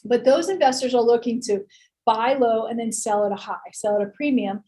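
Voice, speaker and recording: A woman's voice: a little high, normal speed, dark tone, rough recording. A woman giving a casual lecture as a real estate instructor, chatty, with rhetorical questions. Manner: chatty, many fillers and restarts, rhetorical questions.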